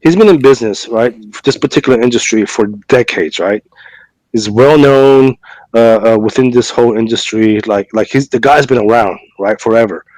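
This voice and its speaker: A man's voice: mid-range voice, normal speed, darkish tone, no room sound, poor audio. A man co-hosting a podcast, telling a long story in casual chat with lots of fillers and restarts, acting out both sides of a conversation. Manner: chatty, many fillers and repeated words. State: recovering from a cough and fever. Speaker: podcast co-host.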